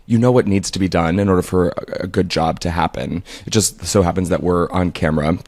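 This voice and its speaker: Lower-voiced man hosting a podcast. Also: steady tone, brisk, a little mellow. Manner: upbeat, reads show facts in a host's way. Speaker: podcast co-host, actor. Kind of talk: casual chat.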